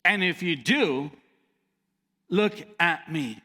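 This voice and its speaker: An animated pastor delivers a sermon with a high, bright voice that leaps around in pitch. He repeats key lines for emphasis. The sound carries with a long reverb from a church hall. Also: slow.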